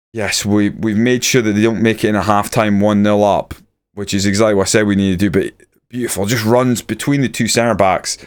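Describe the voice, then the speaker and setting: Low, smooth-voiced man calling a game. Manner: excitable play-by-play, muttering asides. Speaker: gaming YouTuber. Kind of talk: video game commentary.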